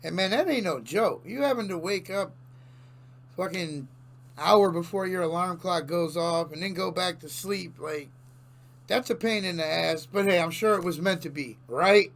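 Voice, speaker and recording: A man's voice: sits high, normal speed, fairly bright tone. A man hosting a reaction video, talking casually and in disbelief, swearing freely and talking straight to his viewers. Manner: incredulous, swearing, addresses viewers directly.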